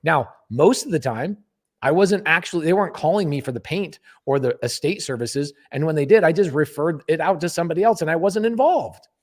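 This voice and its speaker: A man's voice: on the high side, expressive, fairly quick. A man hosting a podcast, telling a story in a blunt, emphatic way and swearing freely. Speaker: podcast host. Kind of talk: casual storytelling.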